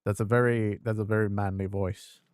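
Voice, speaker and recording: A man's voice: on the low side, level tone, a little fast, darkish tone, clear, resonant tone, dry recording. Candid, foul-mouthed male streamer. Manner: candid, swears freely, laughs at himself. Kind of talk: casual live-stream chat over gameplay.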